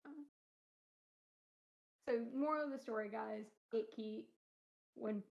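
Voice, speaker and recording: A young woman with a slightly high voice, vocal fry, and a measured pace co-hosts a podcast, recorded in dull lo-fi audio. In casual chat she tells animated stories, acting out the voices she quotes and laughing often.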